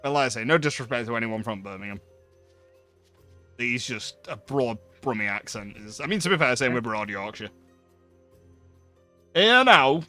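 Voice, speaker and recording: Rambling streamer, bright, forceful tone, faint music behind. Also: male voice, mid-range voice, brisk. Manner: rambling, full of ums and asides. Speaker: game streamer. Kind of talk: casual chat while playing a game.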